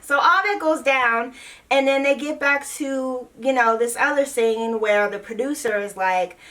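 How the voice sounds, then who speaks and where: A woman with a slightly high voice recaps a reality show in a casual vlog. Her talk is blunt and sassy. She sits a little away from the microphone. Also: unhurried, fairly bright tone, far from the mic. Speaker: vlogger.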